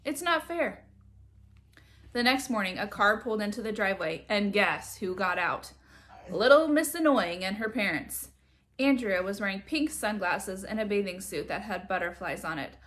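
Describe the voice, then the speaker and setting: A woman reading a children's book aloud with lively, expressive storytelling. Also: medium pitch, normal speed. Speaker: reader.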